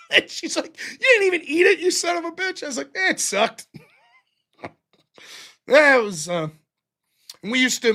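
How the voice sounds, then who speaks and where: A man's voice: on the high side, sharp tone. An American man in his forties hosting a show, telling rowdy, profane stories and acting out the people in them. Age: 40s. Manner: profane, rowdy, acts out quoted voices. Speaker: show host. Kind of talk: casual storytelling monologue.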